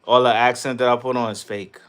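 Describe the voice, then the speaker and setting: Profane, animated man chatting on a livestream. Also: mid-range voice, fairly quick, clear, resonant tone. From New York. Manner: loud, profane, laughing riffs. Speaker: livestream host reading chat. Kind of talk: casual livestream chat.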